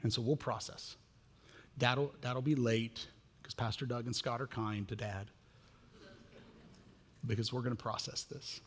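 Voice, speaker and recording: Husky-voiced pastor in an echoing church. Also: male voice, medium pitch, measured pace, pauses often. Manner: animated, self-mocking storyteller. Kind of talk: sermon with humorous family stories. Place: church sanctuary. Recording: long reverb of a church hall.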